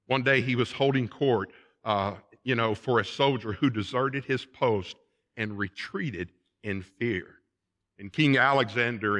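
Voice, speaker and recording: A man's voice: medium pitch, sharp tone. A man pastor delivering a sermon in a church, emphatic and repeating phrases for stress. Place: church sanctuary.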